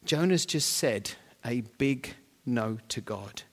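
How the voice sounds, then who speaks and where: A man preaching a sermon, humorous and animated, with sudden loud bursts of emphasis. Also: medium pitch, slow. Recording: long hall reverb.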